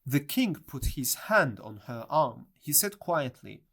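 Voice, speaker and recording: A reader narrating a storybook with a lively voice. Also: medium pitch. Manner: clear, measured reading. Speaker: audiobook reader.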